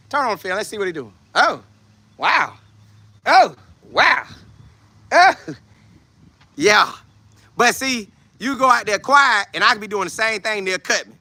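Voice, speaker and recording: A man in his twenties, hosting a casual football show, talking loudly and boastfully with lots of energy. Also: high-pitched, unhurried, pauses often, dry recording. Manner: loud, trash-talking, animated. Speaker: show host, football player. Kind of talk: casual livestream chat.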